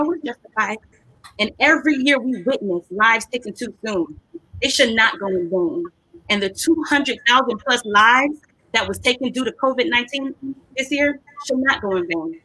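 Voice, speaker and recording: A woman speaks as a candidate, building her lines with a rousing, preacher-like rhythm. Her voice is bright and forceful, recorded dry and close over a video call. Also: on the high side, dry recording, low-quality recording. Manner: passionate, preacher-like cadence. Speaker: political candidate. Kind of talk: impassioned personal speech on a panel.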